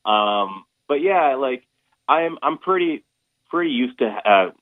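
A man being interviewed as a guest performer, speaking haltingly with many fillers and restarts. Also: medium pitch, expressive, dry recording. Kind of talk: casual interview over the phone. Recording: tinny phone line.

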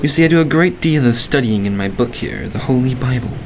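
Man plays a weary, pious lodger: formal and preachy, with sharp edges, mid-pitched, old radio drama style. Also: lively intonation, brisk, background noise, natural voice. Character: pious, secretive male lodger, stern and weary. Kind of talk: 1940s radio acting.

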